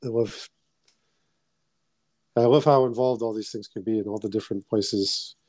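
A man hosts a casual podcast interview with a warm, mellow voice. He sounds eager but halting, and the recording is close and dry. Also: on the low side, fairly even intonation, dry recording. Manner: eager, halting, keeps saying awesome. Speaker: podcast host.

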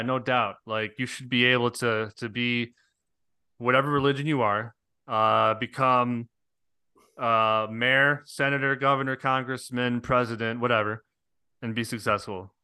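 A man's voice: mid-range voice, fairly even intonation, a little slow, bright, forceful tone, clean tone, no echo, clean studio sound. A man co-hosting a podcast in casual chat, laid-back and loose, calling his friend dude and man. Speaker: podcast co-host.

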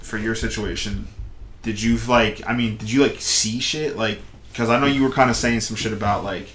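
A young man with a low voice chats casually on a podcast. He asks rambling, hesitant questions, full of slang and fillers. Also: fairly even intonation, normal speed, a bit bright. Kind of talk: casual chat.

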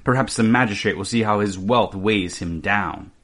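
A man voicing a wise older master painter in a read-aloud storybook, speaking quietly and in a measured way. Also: on the low side.

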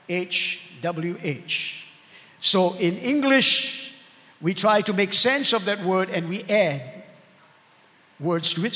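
High-voiced preacher in a reverberant hall. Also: male voice, sharp tone. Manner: earnest preaching with drawn-out emphatic words and calls of amen. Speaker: pastor. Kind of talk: sermon.

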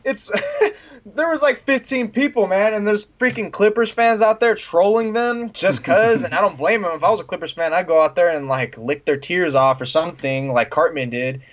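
Animated young man ranting about sports. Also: sits high, moderate pace. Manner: animated, ranting, laughs often. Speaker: podcast co-host. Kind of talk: casual sports chat. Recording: dull lo-fi sound.

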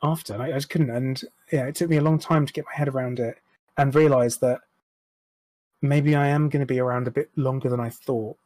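A man's voice: medium pitch, steady tone, fairly quick, a little mellow, no room sound. A young man talking candidly as an interview guest, frank and rambling, with restarts and self-deprecating asides. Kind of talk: candid personal conversation.

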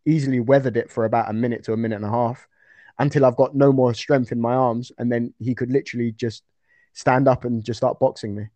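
A young man telling a fight story in a casual podcast chat, animated, with many restarts. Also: mid-range voice, fast talker, no room sound, dull audio. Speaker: guest fighter.

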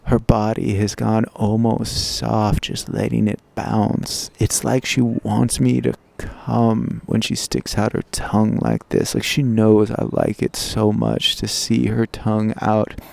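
A man speaks into an intimate personal audio diary, his voice dark and heavily gravelly. He talks slowly and haltingly, as if reflecting while he recalls. The sound is dry and close. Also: lowish voice, flat delivery, dry recording. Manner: slow, halting, reflective recounting. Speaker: diarist. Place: outdoor garden.

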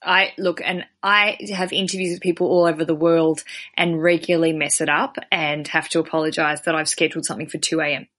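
Bright-voiced chatty woman host. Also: deep voice, little pitch movement, brisk. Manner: chatty and upbeat, reads letters aloud with relish. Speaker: podcast host reading listener letters. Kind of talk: casual chat.

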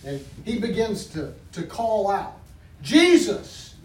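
A male pastor with a high voice preaches and prays in a fervent, repeating cadence. He sounds distant from the microphone in an echoey church sanctuary. Faint noise sits under his voice. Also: lively intonation, unhurried. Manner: fervent, repeats praise words, restarts phrases. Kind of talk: sermon with spoken prayer. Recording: echoey room, far from mic, faint background noise.

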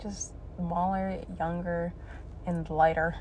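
A woman's voice: fairly low pitch, little pitch movement, slow pace, darkish tone, a little hiss or hum. A young woman telling a story in a blunt, profane casual rant, laughing between lines. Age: young adult. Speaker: vlogger.

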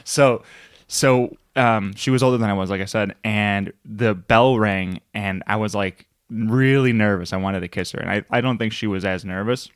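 Young man, rambling storyteller, casual podcast chat, low voice, dry close sound. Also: normal speed, smooth, no room sound. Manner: rambling, self-interrupting storyteller. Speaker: podcast co-host.

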